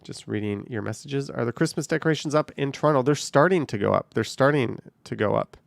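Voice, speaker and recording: A man's voice: medium pitch, a little fast, vocal fry, no room sound. A young man hosting a casual live stream from his car, reading viewer messages, thanking supporters and answering questions in an easygoing way. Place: car, driving around the city.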